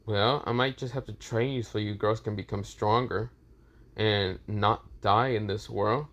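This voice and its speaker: A man's voice: on the low side, steady tone, unhurried, a bit bright. A man voicing a cocky teenage boy hero in a fan story, crude, mocking and flippant.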